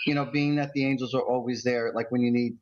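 A man's voice: mid-range voice, steady tone, fast, a little mellow, muffled recording. Playful man psychic radio co-host. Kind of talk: casual radio chat.

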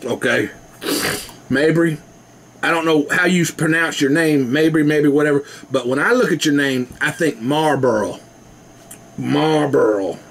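A man's voice: on the high side, moderate pace. A man rambling casually to his camera at home, laughing often. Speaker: vlogger. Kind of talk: casual rambling video chat.

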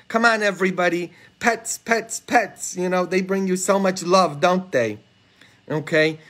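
Male priest, playful live-stream homilist with a slightly high voice who chats with viewers and laughs at his own jokes. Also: a bit bright. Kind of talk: homily on a live stream, chatty joke-telling. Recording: live social media stream.

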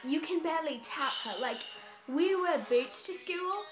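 High-voiced teen girl, blunt. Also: lively intonation, measured pace, faint music behind. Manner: blunt, swearing, mock British accent. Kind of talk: casual chat to camera.

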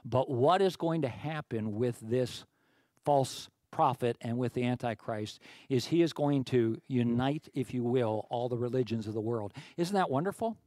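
A man's voice: mid-range voice, steady tone, a little slow, mellow, no echo. A man preaching a sermon as pastor, talking in a conversational way with many restarts and climbing to emphatic peaks.

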